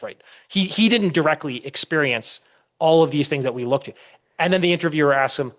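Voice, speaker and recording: A man's voice: fairly high pitch, brisk, a bit bright. Man, historian guest, podcast interview, discursive, storytelling, frequent restarts.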